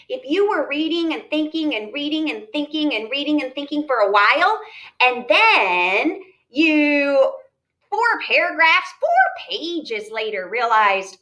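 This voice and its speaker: A woman teacher talking students through a reading lesson, chatty and animated, modeling her thoughts aloud. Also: sits high, a little slow. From United States.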